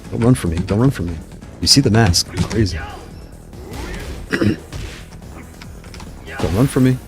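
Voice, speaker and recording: This gaming streamer's voice is on the low side with lively intonation, heard over music as he casually comments on his fighting game bouts. He teases opponents with playful trash talk, then apologizes right away.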